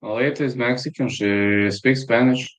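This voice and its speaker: A man with a Serbian accent chats loosely on a live stream, rambling from one story to the next and stopping to react to chat. His voice sits at an ordinary middle pitch and often sounds a little distant from the microphone. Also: moderate pace.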